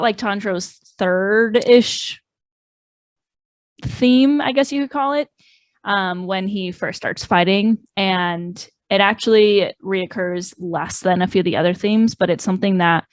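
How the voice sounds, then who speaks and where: A woman's voice: fairly low pitch, no echo. A woman co-hosting a podcast, talking with enthusiasm in a stop-and-start way. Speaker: podcast co-host. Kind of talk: casual chat.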